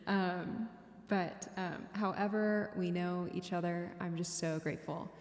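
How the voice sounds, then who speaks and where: Soft-spoken woman in a reverberant studio. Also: on the low side, fairly even intonation, a little slow. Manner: soft-spoken, hesitant, many fillers. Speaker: singer-songwriter. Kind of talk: chatting between songs at a streamed show. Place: borrowed recording studio. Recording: roomy studio with long reverb. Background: instrument music.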